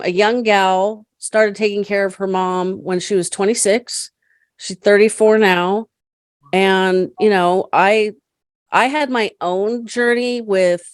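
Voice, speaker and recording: A middle-aged woman, a podcast guest, chatting and telling stories in a lively way, laughing often. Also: mid-range voice, clean tone, no room sound, studio quality. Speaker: podcast guest, caregiver advocate. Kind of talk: storytelling in casual conversation.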